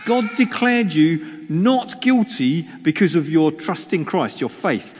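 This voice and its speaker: A man's voice: a little high, sing-song, takes it slowly, a little mellow, breathy edge. A male preacher giving a chatty sermon, teasing the congregation and poking fun at himself. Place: church hall. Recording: long reverb of a church hall.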